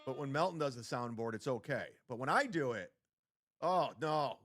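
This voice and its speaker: A man's voice: mid-range voice, animated, quick pace, heavy background noise. A male streamer ranting and mocking while reacting to a clip, swearing a lot. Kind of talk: livestream commentary.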